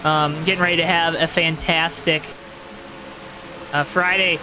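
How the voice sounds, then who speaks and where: Here a male commentator delivers play-by-play for an online sim race in a high voice at a moderate pace. He puts on an over-the-top announcer voice and talks right to the people watching, while the background is noisy.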